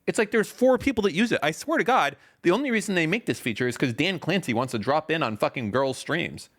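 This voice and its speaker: A man co-hosting a casual podcast, insisting on his point with heavy emphasis and frequent swearing. His voice is lively, swinging up and down in pitch as he argues. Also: fast. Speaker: podcast co-host.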